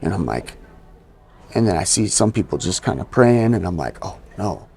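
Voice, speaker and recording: A man's voice: low voice, sing-song, moderate pace, creaky, a little mellow. A man, a guest on an interview show, telling his life story in casual, conversational talk, often adding "you know". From US East Coast. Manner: conversational, sprinkles in "you know" and acts out quotes. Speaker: podcast guest.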